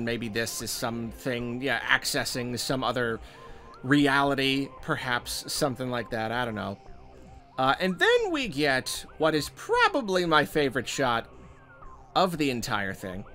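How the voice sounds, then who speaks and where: A man's voice: medium pitch, fairly bright tone. A man hosting a video game channel, giving enthusiastic, rambling reaction commentary on a trailer. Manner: enthusiastic, rambling with fillers and restarts.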